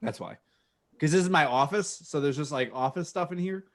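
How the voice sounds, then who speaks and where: A man's voice: on the high side, brisk. A man co-hosting a podcast, telling a rambling, profane story with frequent laughs from his home office. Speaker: podcast co-host. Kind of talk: casual storytelling chat. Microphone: home office video call mic.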